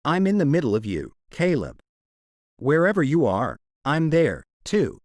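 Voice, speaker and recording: A man voicing a gentle, steadfast young woman in a romance audiobook, speaking softly and earnestly. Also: a little high, wildly swooping pitch, a little slow, no room sound, studio quality. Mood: tender.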